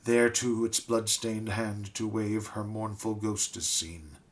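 A man reciting a tragic ballad in a solemn, measured, dramatic style. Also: fairly low pitch, level tone. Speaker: reader.

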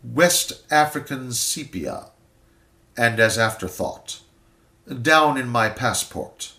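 A man reciting a poem in slow, dramatic, measured phrasing. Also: medium pitch, lively intonation, bright, forceful tone. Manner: measured, deliberate, weighty phrasing. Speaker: poetry reader. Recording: roomy echo.

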